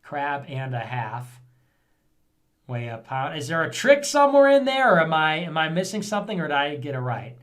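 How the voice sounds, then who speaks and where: A man's voice: a little high, sing-song, moderate pace, a bit bright. Rambling, sarcastic male vlog host. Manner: rambling, sarcastic, thinks aloud. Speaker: vlog host reading viewer messages. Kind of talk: casual commentary.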